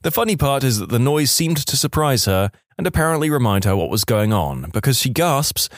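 Brief: male story reader, lively wry delivery, dry close-mic sound. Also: mid-range voice, a little fast, no room sound. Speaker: narrator. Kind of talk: reading online stories aloud.

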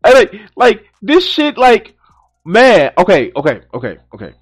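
A man's voice: sits high, huge pitch swings, a little slow, husky. A man reacting to a news video in casual, exasperated commentary, often swearing and repeating himself.

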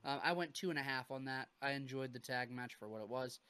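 A man's voice: mid-range voice, fast talker, clean tone. A young man hosting a podcast who recaps matches steadily and hands over to his co-hosts. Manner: steady recapping, gives ratings, asks co-hosts. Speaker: podcast host. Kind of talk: casual recap.

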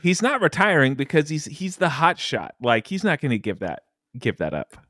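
Jokey podcast guy, lively pitch. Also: moderate pace, no echo, clean studio sound. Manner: jokey, slips into silly put-on voices. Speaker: podcast co-host. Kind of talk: casual chat.

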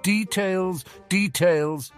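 A man's voice: mid-range voice, sing-song, normal speed, faint music behind, pitched above the performer's own voice, natural voice. A man voicing a sarcastic, cheeky teenage boy wizard in a storybook reading, teasing and mock-dramatic. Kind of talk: audiobook character reading.

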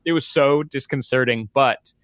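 A man's voice: mid-range voice, moderate pace, no room sound. Laid-back man telling a story, dry sound. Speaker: podcast co-host. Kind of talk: casual chat.

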